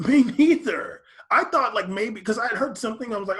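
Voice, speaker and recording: Husky-voiced man rambling on a podcast. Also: high voice, animated, a little fast, fairly bright tone. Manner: rambling, full of fillers and restarts. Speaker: podcast co-host. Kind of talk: casual podcast chat.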